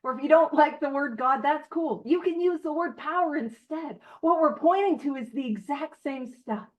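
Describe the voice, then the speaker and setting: A woman's voice: high voice, normal speed, low-quality recording. A woman from Canada, a guest speaker giving a casual, jokey recovery talk that goes off on tangents.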